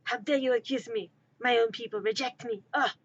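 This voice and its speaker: A woman's voice: a little high, fairly even intonation, fairly quick, slightly rough, muffled recording. A woman voicing an indignant, melodramatic French Canadian man in a put-on French accent, theatrical and protesting. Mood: wailing.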